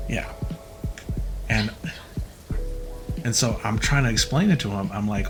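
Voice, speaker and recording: A man's voice: fairly low pitch, a little slow, pauses often, over music. A man casually telling a work story on a late-night stream, swearing freely and acting out the dialogue. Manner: profane, animated, acts out quoted dialogue.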